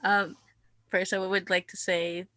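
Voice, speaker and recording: A woman's voice: mid-range voice, level tone, measured pace, pushed and bright, dry recording. A woman fan on a video call, nervous and giggly as she asks her question. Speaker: fan caller. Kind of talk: casual chat.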